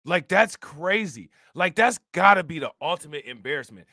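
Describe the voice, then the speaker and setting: Guy streaming his reactions to news, slangy and teasing, bright tone, dry close sound. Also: a little high, animated, normal speed, no echo. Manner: slangy, mocking, talks straight to viewers. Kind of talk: casual reaction commentary.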